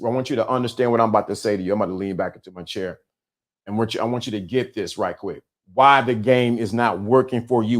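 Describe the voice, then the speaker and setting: A middle-aged man hosting a live-streamed talk, speaking with emphatic repetition and a preacher-like cadence. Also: mid-range voice. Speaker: host.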